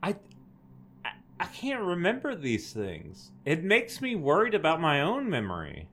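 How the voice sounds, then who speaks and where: A man co-hosting a podcast in casual chat, reacting with playful, quick interjections. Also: a little high, wildly swooping pitch, a bit bright, slight background noise. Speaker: podcast co-host.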